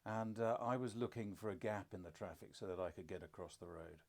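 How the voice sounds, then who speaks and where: An older man speaks with a low, deep voice in a relaxed, casual conversation. He tells his stories in a reflective way and drops dry, self-deprecating jokes along the way. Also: brisk, vocal fry. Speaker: podcast co-host, father.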